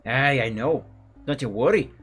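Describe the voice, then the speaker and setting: A man's voice: medium pitch, normal speed, breathy edge, soft background music. Man doing a folksy Scottish villager. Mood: friendly. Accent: put-on Scottish. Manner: warm, chatty, folksy. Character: kindly villager who fusses over a young witch.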